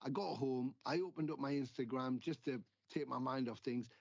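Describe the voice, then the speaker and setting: A middle-aged man from England, a guest musician in a casual interview, telling stories with lively acted-out quotes and plenty of swearing. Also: mid-range voice, normal speed, gravelly, dry recording. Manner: animated storyteller, acting out quoted exchanges, swears freely. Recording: dull lo-fi sound.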